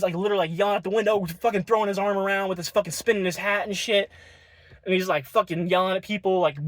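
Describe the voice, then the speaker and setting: A man's voice: high-pitched, no echo. A man telling a rambling, profane story in a casual storytime vlog.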